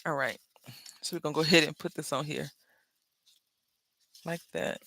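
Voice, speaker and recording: A woman's voice: sits low, fairly even intonation, normal speed, gravelly, a bit bright. A woman hosting a crafting tutorial, chatting casually and rambling into asides to her viewers as she works. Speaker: crafting channel host.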